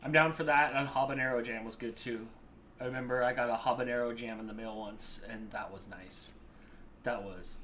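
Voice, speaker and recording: A man's voice: mid-range voice, steady tone, normal speed, sharp tone, slight background noise. A man co-hosting a home baking livestream, chatting in a laid-back, joking way. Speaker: cooking show co-host. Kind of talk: casual livestream chat.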